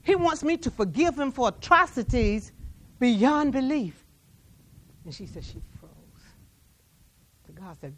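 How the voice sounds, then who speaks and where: A woman preaching a sermon, telling stories that swing between a soft hush and raised emphasis, with repeated words along the way. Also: a little high, big pitch swings, measured pace, pauses often, slight background noise. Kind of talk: sermon storytelling.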